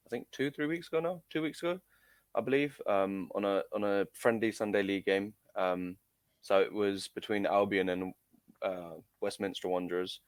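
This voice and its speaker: Low-voiced young man, hesitant. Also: normal speed, clear, resonant tone, no echo. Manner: hesitant, many fillers and restarts. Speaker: amateur footballer guest. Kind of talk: casual recounting in an interview.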